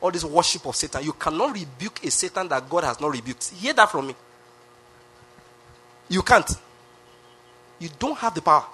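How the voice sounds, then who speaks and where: A man's voice: on the high side, animated, moderate pace, long pauses, bright, forceful tone, slightly rough. A man preaching a sermon, emphatic, with lots of repetition and rhetorical questions. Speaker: pastor.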